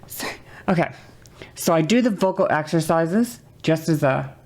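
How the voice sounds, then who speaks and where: A woman's voice: low voice, expressive, normal speed, darkish tone. A woman streamer chatting casually about voice technique, rambling with many restarts and apologies. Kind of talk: casual livestream chat explaining voice technique.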